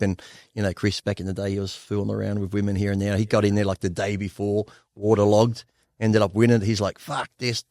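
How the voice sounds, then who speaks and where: Aussie guy in his 50s rattling off stories quick, swears a lot, dry sound. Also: on the low side, a little mellow, no room sound. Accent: Australian. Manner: blunt, profane, laughs often. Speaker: guest bodybuilder. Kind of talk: candid storytelling interview.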